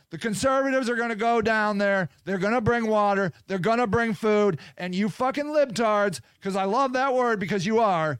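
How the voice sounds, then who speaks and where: A man hosting a podcast, delivering a profane, combative political rant that swings between loud jabs and muttered asides. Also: high-pitched, clear, resonant tone, no echo, clean studio sound. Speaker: podcast host.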